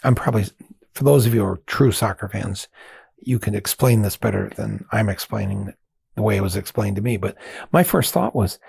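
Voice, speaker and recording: Gravelly older American man telling a story. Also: a little fast, dry recording, clean studio sound. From United States. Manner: animated, mimics chants and voices with big pitch jumps. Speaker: podcast host. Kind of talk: casual storytelling monologue.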